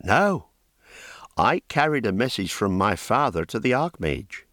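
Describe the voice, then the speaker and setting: A man voicing an earnest young male prince who speaks in a formal, measured way. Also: on the low side, sing-song, fairly bright tone, no room sound, studio quality. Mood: recital.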